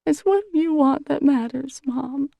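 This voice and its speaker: A woman's voice: medium pitch, lively intonation, unhurried, vocal fry, dark tone, no room sound, pitched above the performer's own voice. A woman voicing an earnest, emotional older sister who speaks in a careful, pleasant social-worker tone. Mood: tearful.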